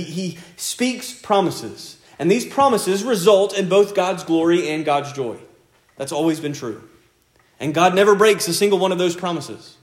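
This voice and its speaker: A male pastor preaching a sermon in an earnest, conversational way, often repeating key phrases. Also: a little high. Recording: echoey room sound.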